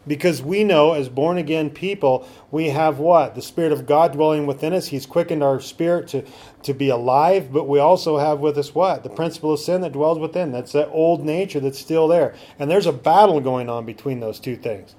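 A man's voice: on the high side, normal speed, mellow. A man preaching a sermon as a pastor, often asking the congregation rhetorical questions.

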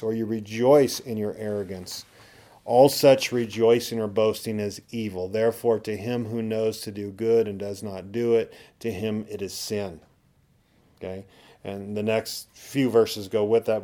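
A man's voice: medium pitch, darkish tone. A man preaching a sermon, teaching conversationally with tag questions and rising to emphatic peaks when he acts out quoted attitudes. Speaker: pastor.

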